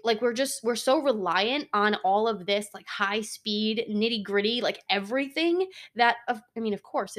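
A woman's voice: mid-range voice, fairly bright tone. A woman in her twenties talking through a solo podcast episode in a casual, earnest way, with lots of "like" and "you know". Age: 20s. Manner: earnest, chatty, heavy on fillers like "like" and "you know". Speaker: podcast host.

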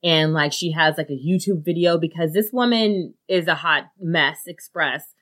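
A woman's voice: sits low, moderate pace, fairly bright tone. A woman co-hosting a casual chat, telling a story with lots of "like" and casual swearing. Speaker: podcast co-host.

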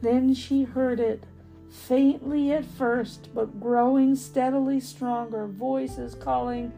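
A woman reading a children's storybook aloud, expressive with dramatic pauses. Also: high-pitched, creaky, soft background music.

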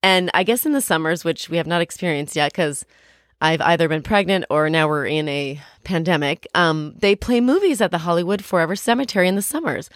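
A woman's voice: fairly low pitch, brisk, no echo, studio quality. A woman in her thirties co-hosting a podcast, retelling a story in gushing, casual chat full of "like". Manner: chatty, gushing, lots of "like" fillers. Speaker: podcast co-host.

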